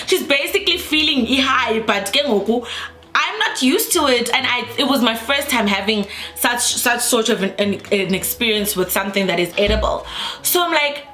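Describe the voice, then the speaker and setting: Young woman, South African accent, vlogger; bright tone, lively storytelling, roomy echo. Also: mid-range voice, moderate pace. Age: young adult. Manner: animated, repetitive, acts out her own panicked quotes. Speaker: YouTuber. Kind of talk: storytime vlog.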